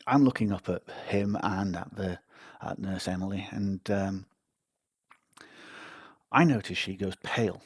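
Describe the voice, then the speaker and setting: A man's voice: low voice, unhurried, breathy edge, no echo. A man hosting a podcast, telling a personal story in a casual, wry, self-mocking way. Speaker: podcast host.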